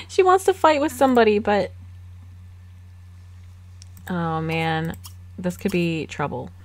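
Her voice is fairly low and sing-song, and she goes slowly with long pauses. This gaming host casually narrates her life-simulation game on a desk microphone, playful and sassy, frequently laughing as she bosses her characters.

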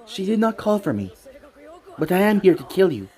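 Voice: mid-range voice, sing-song, normal speed, dark tone, soft background music, close to an everyday voice. A reader voicing a confident young ninja hero. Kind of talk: fan-fiction reading.

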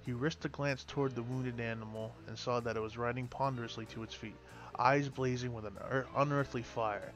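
A man's voice: mid-range voice, steady tone, fairly quick, a bit bright. A man reading a fantasy story aloud, with occasional slips and restarts. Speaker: lore reader. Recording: music playing behind.

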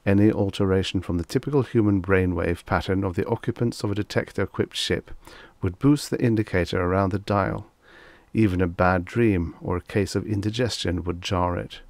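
A man narrating a vintage science fiction story in a measured, dramatic storytelling manner, on a close microphone. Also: deep voice, gravelly, darkish tone, no echo. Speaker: audiobook narrator.

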